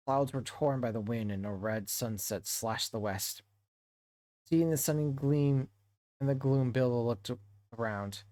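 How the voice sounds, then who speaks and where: A man's voice: medium pitch, dark tone. A man with a mid-range voice reads a novel aloud to his stream's book club. He stumbles and corrects himself often as he goes, and the close recording has no room echo. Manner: halting read-aloud with frequent self-corrections.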